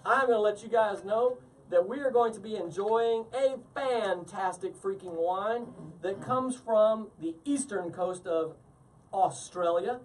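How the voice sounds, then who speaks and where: A man hosting a live talk show, energetic and jokey, laughing often. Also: high voice, measured pace, distant mic. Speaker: host.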